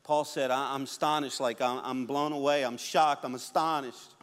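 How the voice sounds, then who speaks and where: Animated preacher man in a reverberant hall. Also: medium pitch, moderate pace, clean tone. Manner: animated, acts out quotes and stories. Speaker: pastor. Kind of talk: sermon. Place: church sanctuary.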